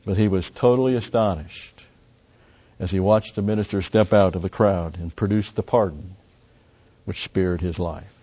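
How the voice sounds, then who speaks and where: Low-voiced preacher. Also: male voice, fairly even intonation, dark tone, lo-fi sound. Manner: deliberate, pausing, with emphatic rises. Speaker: pastor. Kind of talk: expository sermon.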